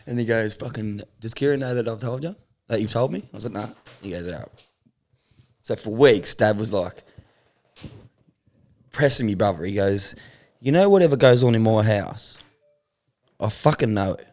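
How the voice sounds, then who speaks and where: A man's voice: on the low side, normal speed, long pauses, darkish tone. A young Australian man telling crude stories in casual chat, swearing constantly and acting out quoted people.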